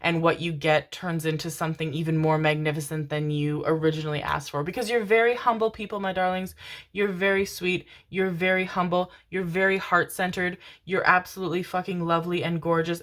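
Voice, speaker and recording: A woman's voice: on the low side, fairly bright tone. A woman giving a casual tarot reading to camera, affectionate and chatty, swearing casually and laughing often. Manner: affectionate, constantly calls viewers "my loves" and "my babies". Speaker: tarot card reader.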